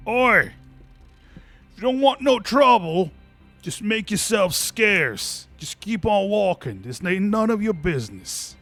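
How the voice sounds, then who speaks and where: A man voicing a rough male bandit boss who makes gruff, slangy threats. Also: high voice, very animated, takes it slowly, a bit bright, soft background music, voice pushed up, full character voice. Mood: threatening.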